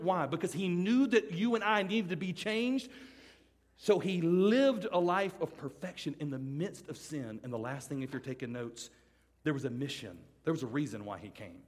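A middle-aged man preaching a sermon to students before a live audience. He tells a personal story with animated comic swings, then turns hushed and earnest. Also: on the high side. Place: large hall with a live audience. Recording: long hall reverb from a live venue.

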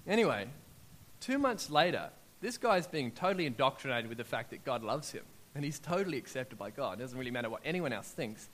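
A middle-aged Australian man with a mid-range voice preaches a little fast, telling personal testimonies and acting out people's words as he builds to loud, excited peaks. A little hiss or hum can be heard.

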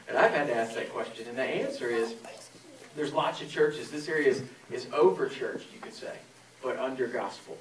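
A man's voice: medium pitch, moderate pace, slight background noise. A man in his forties from Florida, preaching a sermon as a pastor in a conversational storytelling way with many fillers. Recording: echoey room from a distance.

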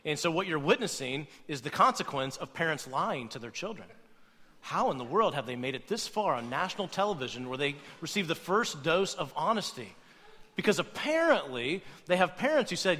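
Man, high voice, playful sermon, long hall reverb. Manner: playful, animated, acts out quoted voices. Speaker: pastor. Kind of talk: sermon with humor.

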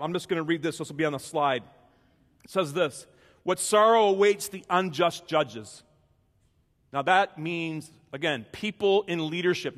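A man preaches a sermon in a relaxed, conversational way, restarting phrases and pointing listeners to their notes. His voice sits a little high for a man. The sound rings with the long reverb of a large hall. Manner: conversational preaching with frequent restarts and fill-in-the-blank asides. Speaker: pastor.

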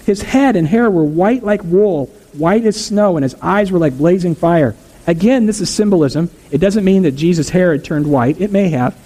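A man's voice: fairly high pitch, warm tone, low-quality recording. A man preaching a sermon as a pastor, talking conversationally and asking the congregation questions.

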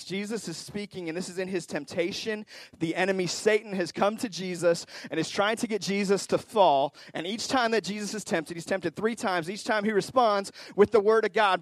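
A man preaching a sermon to a youth group, casual and energetic, building to loud excited peaks. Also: high voice, dry recording. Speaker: youth pastor.

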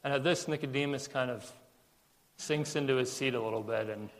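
A man's voice: mid-range voice, brisk. A man preaching a sermon in a casual storytelling way, acting out quotes and often repeating words as he talks. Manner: casual storytelling with acted-out quotes and frequent repetitions. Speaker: pastor. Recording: long reverb of a large room.

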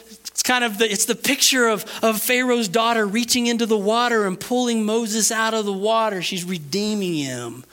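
A man preaching a sermon, emphatic, slowing right down on key phrases and dropping low for quick asides. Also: bright, forceful tone. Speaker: pastor.

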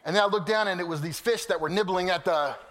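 High, bright-voiced preacher man in a big hall. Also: quick pace. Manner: animated, storytelling, swings from loud to hushed. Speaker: pastor. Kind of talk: sermon. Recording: long hall reverb.

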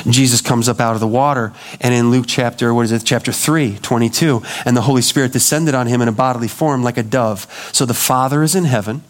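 Animated higher-voiced male pastor. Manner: animated storytelling, acting out quoted voices. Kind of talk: sermon.

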